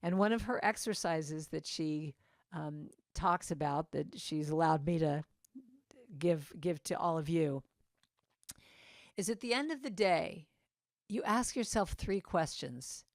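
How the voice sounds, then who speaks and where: Woman guest speaker at a church, loose inspirational talk, low voice, dry sound. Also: unhurried, no echo. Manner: chatty, meandering, with asides to audience members. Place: church sanctuary.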